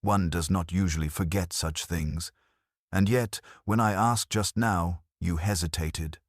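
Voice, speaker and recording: A man's voice: low-pitched, measured pace, no echo, clean studio sound. A man voicing an elderly woman sleuth who speaks in a light, pleasant, conversational way. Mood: pleasant, probing. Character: elderly woman sleuth, gentle, shrewd, unruffled.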